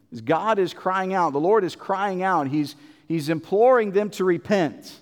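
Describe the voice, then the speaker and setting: A man's voice: high voice, expressive, moderate pace, big-room sound. A man preaching a Bible sermon in an earnest, repetitive way, with many fillers and restarts.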